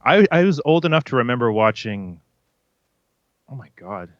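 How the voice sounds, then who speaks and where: A playful man from Canada in his thirties who trades easy banter with his co-host. His voice sits at a middle pitch, and the audio is a bit muffled and dry, with no room sound. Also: big pitch swings, normal speed, dry recording. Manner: playful, laughs at himself. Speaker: podcast co-host. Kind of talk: casual chat. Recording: dull, dry podcast audio.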